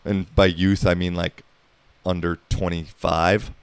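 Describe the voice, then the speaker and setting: A low, level-toned American man in his thirties hosts a podcast, speaking unhurriedly in a clear, resonant voice with no echo. He rambles in a laid-back way, swearing a lot and leaning heavily on filler words.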